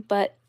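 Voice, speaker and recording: A young adult woman talking casually about her doll collection in a rambling, repetitive way with many fillers. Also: darkish tone.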